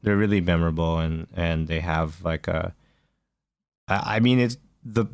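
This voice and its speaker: A man's voice: low voice, moderate pace, dry recording, clean studio sound. A man co-hosting a podcast, chatting casually about video games, full of fillers and restarts. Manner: hesitant, many fillers and restarts. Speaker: podcast co-host.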